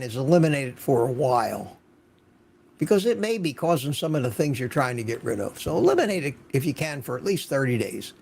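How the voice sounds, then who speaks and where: Chatting casually as a livestream host, an older man welcomes viewers by name and repeats words to stress them. He has a mid-range, darkish voice, and there's slight background noise.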